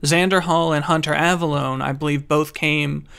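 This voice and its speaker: Gravelly higher-voiced male panelist. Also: fairly even intonation, a bit bright. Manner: halting, filler-heavy argument. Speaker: debate panelist. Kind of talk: casual online debate chat.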